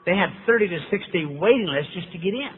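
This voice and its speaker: A man's voice: sits high, lively intonation, quick pace, slight background noise. Folksy older man telling stories in a hall. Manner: folksy, wry storyteller with punchlines. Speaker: recovery meeting speaker. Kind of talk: storytelling talk. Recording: tinny lo-fi hall recording.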